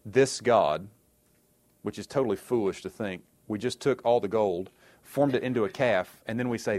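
A man's voice: lowish voice, moderate pace, a little mellow. A man teaching a sermon in a conversational way, often checking in with his listeners and adding sarcastic asides. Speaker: Bible teacher.

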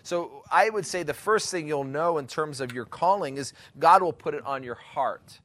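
Pastor, male, fervent and rambling, crisp bright tone, dry close sound. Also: on the high side, moderate pace, no echo. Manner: earnest, rambling, breaks into laughter and exclamations. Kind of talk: teaching talk on missions.

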